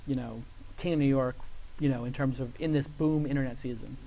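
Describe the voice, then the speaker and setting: Fast-talking animated man telling stories. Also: medium pitch, creaky. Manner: animated storyteller, acts out quoted voices. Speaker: guest entrepreneur. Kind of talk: storytelling on a conference stage. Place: conference stage before an audience.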